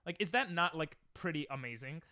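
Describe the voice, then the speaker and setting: Young man, game streamer, lively pitch, dry close headset sound. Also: fairly quick, dry recording. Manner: excitable, reacting aloud and bantering with chat. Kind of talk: casual live-stream chatter while gaming.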